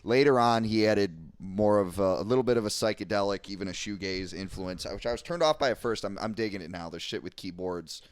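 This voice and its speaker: An American man with a fairly low voice, swearing freely as he rambles through a casual chat about punk records. The recording is dry and close, with no room sound behind him. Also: brisk, hardly any pauses, clean tone, dry recording. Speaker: podcast co-host.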